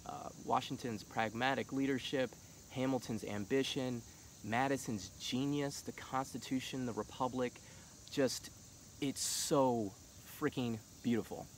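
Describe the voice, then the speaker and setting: A man's voice: mid-range voice, unhurried. Passionate man with a faint background hiss. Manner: passionate, rising to heated shouting; casual, filler-heavy talk. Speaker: vlogger. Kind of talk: casual monologue on politics.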